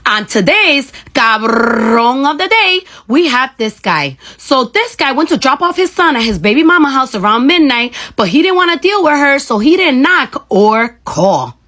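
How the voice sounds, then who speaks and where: A high-pitched woman delivering an emphatic, indignant commentary. She is a parent, and she scolds with sharp Spanish insults mixed into her English. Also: very animated, normal speed, few pauses. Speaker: parent reacting to a video. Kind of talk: commentary video.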